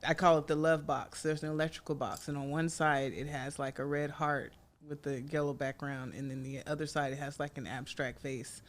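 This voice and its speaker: A woman's voice: deep voice, normal speed, few pauses. A woman in her forties, a guest artist telling stories in a casual studio podcast interview, chatty and full of fillers. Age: 40s. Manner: chatty, lively storytelling with frequent fillers and laughter.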